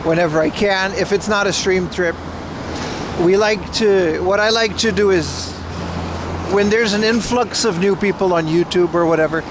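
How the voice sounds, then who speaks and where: Chatty streamer, fairly high voice. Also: male voice, moderate pace. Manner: chatty, addresses chat directly. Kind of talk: casual IRL livestream commentary. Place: outdoors on city streets. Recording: noisy outdoor street recording.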